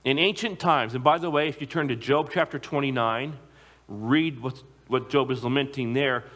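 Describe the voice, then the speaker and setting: A man preaching a sermon to a congregation, emphatic, slowing down to stress key phrases. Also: mid-range voice, a bit bright. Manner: emphatic, slows down on key phrases, occasional repeated words.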